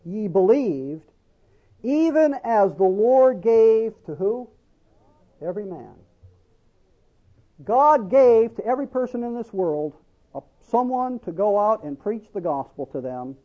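A man's voice: high voice, expressive, unhurried, long pauses, muffled recording. A male pastor preaching a sermon, asking the congregation questions and drawing out scripture quotes for emphasis.

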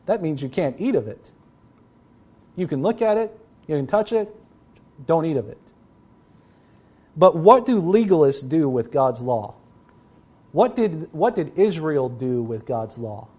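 A male preacher delivering a Bible sermon with emphatic, driving delivery. His voice sits a little high for a man. He reads scripture passages in a stern, weighty tone. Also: a little mellow.

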